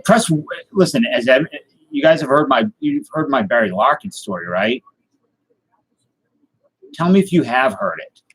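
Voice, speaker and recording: A man telling a tall tale in a rambling, deadpan way, with many fillers and restarts. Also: mid-range voice, unhurried, pauses often, poor audio. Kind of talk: casual tall-tale storytelling.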